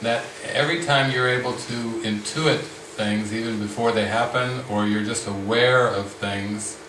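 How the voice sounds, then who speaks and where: A man leading a spiritual retreat discussion, speaking slowly and reflectively with frequent restarts. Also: lowish voice, steady tone, background noise. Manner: slow, reflective, many restarts. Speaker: spiritual teacher. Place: retreat room with a group. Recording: roomy sound from the mic's distance.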